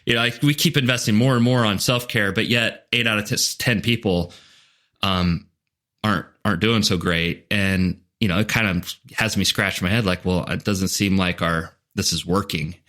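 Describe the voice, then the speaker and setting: A man's voice: on the low side, steady tone, normal speed, bright, forceful tone. A man speaking as a leadership coach and podcast guest, talking earnestly and acting out what other people say. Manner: earnest, storytelling, many "like" and "you know" fillers; voices quoted people in asides. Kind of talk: conversational podcast interview.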